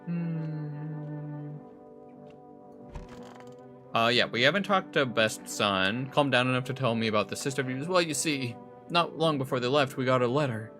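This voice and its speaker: A man's voice: medium pitch, fairly quick, sharp tone, faint music behind. A young man casually rambling and swearing while playing a horror game. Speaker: streamer. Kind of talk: casual gameplay commentary.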